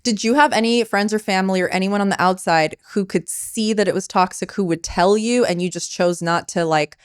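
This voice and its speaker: A woman's voice: medium pitch, fairly quick, clear, resonant tone, no room sound, clean studio sound. A woman hosting a podcast interview, chatty and encouraging, sometimes turning to speak to her listeners. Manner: chatty, encouraging, talks to the audience. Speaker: podcast host. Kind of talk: conversational interview.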